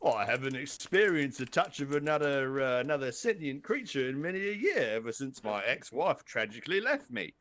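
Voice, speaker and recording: A man voicing a grumpy, lonely male crocodile jailer with an English accent, gruff and self-pitying. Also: medium pitch, sing-song, brisk, hardly any pauses, a bit bright, a little hiss or hum, pitched above the performer's own voice.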